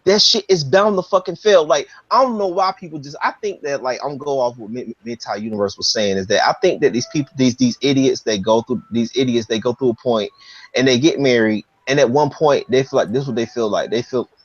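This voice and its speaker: A man chatting casually on a podcast, telling a story in an animated, profane way with lots of restarts. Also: medium pitch, brisk. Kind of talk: casual chat. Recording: dry, dull lo-fi audio.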